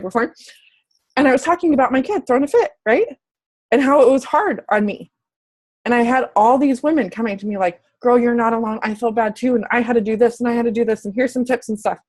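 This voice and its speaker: A woman fitness coach in her thirties, talking to camera in a candid, chatty way and swearing casually. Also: mid-range voice. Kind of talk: casual motivational talk to camera.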